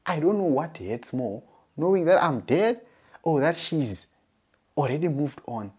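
A man doing stand-up comedy, telling deadpan stories that build to punchlines. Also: fairly high pitch, measured pace, slightly rough. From Zimbabwe.

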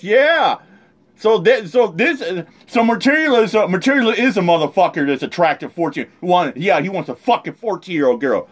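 A man's voice: sits high, animated, normal speed. A man giving angry reaction commentary on a played clip, ranting heatedly and swearing often. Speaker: online commentator.

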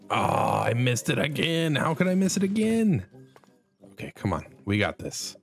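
A man hosting a casual let's play, commenting on a silly game and jumping into high excited yelps. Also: normal speed, soft background music. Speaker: gaming channel host.

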